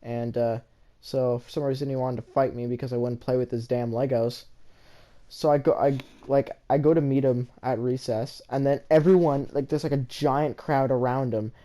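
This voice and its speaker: A man casually telling a story from his school days, rambling, with many restarts, often in a soft, low-key voice. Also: fairly even intonation, normal speed.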